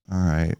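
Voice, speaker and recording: A man's voice: warm tone, no echo, muffled recording. A man co-hosting a casual basketball podcast, loose and joking, with easy swearing. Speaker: podcast co-host.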